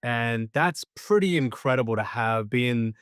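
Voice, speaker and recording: Young male guest, thoughtful and earnest, close dry mic, mid-pitched voice. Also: animated, moderate pace, fairly bright tone, smooth, no room sound. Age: young adult. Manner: reflective, earnest, repeats himself while thinking. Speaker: guest speaker and coach. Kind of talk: conversational interview.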